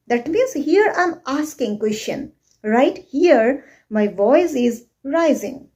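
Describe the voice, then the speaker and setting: Slow, mellow-voiced woman teaching English. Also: sits high, very animated. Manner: slow, repetitive, checks understanding often; exaggerated rising and falling example tones. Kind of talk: spoken English lesson.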